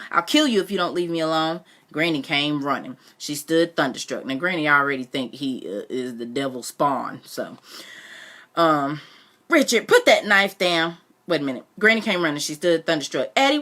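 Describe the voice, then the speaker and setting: A woman's voice: deep voice, sharp tone. A woman reading a book aloud and chatting reflectively about it between passages. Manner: chatty and reflective, uses fillers. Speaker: reader. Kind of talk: reading aloud with personal commentary.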